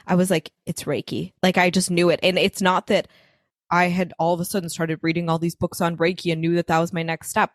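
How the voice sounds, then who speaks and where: Low-voiced chatty young woman. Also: dry recording, clean studio sound. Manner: chatty, rambling, many "like" fillers. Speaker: podcast co-host. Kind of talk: casual chat.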